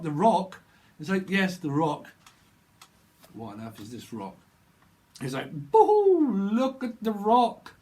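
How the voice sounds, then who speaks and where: British male tarot reader, slightly high-pitched, loose and playful, wanders from word to word and mimics people for laughs. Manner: playful and free-associating, often laughs and slips into silly voices. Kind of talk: rambling solo tarot reading.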